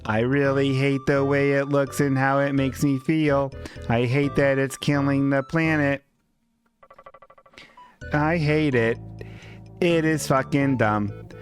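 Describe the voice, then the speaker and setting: A man co-hosting a comedy podcast, ranting profanely and spinning absurd deadpan stories. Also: mid-range voice, slow, pauses often, faint music behind. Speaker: podcast co-host.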